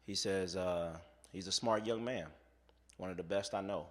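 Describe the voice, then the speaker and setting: A man giving a motivational keynote speech, telling a story and acting out the voices of the people in it, going from soft to loud. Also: low voice, normal speed, big-room sound. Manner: acts out quoted voices. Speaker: motivational speaker.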